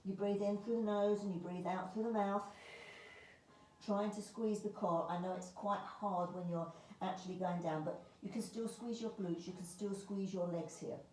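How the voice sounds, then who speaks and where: A woman leading a beginners Pilates class, calmly talking students through each movement with the occasional filler. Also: mid-range voice, normal speed, slight background noise. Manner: calm step-by-step cueing with fillers. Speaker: Pilates instructor. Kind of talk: guided exercise class. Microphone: camera across the room. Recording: roomy far-off mic with faint ambience.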